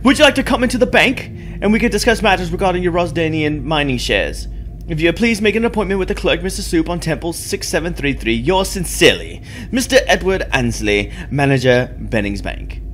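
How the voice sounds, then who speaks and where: A man's voice: a little high, big pitch swings, brisk, fairly bright tone, faint music behind, pitched above the performer's own voice. A man voicing a formally polite English bank manager with a put-on English accent that he overdoes. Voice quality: overdone, clumsy imitation accent.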